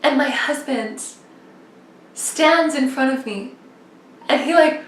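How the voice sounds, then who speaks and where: A woman's voice: sits high, takes it slowly, long pauses. A young woman vlogging to camera in a rambling, chatty way with many fillers. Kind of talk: casual chat to camera. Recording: echoey room, mic at a distance.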